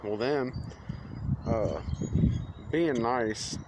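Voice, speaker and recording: A man's voice: mid-range voice, expressive, very slow. A young man, telling a story to camera in a plain-spoken, earnest way. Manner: plain-spoken, earnest, quotes others in conversation. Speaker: vlogger. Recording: faint outdoor street noise.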